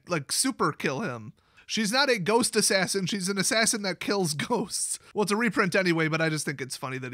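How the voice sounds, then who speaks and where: Male reviewer, higher voice, snarky casual commentary. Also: sharp tone, no echo, clean studio sound. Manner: sarcastic, joking asides. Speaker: card game spoiler reviewer.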